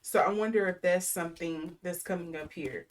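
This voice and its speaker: A woman's voice: on the low side, moderate pace, a little hiss or hum. A woman in her thirties giving a casual intuitive tarot reading. She rambles with lots of fillers and reels off lists of card keywords. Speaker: tarot reader.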